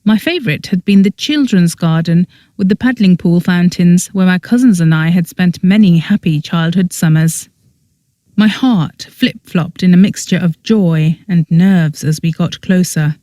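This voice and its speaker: Mellow, dry-voiced audiobook narrator. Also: medium pitch, a little slow, no room sound. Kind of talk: scripted first-person narration.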